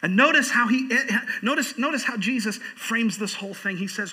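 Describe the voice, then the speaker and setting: A man's voice: high voice, animated, moderate pace, sharp tone, slightly rough, rough recording. A man pastor preaching a sermon in church, repeating phrases for emphasis and reading a quote aloud.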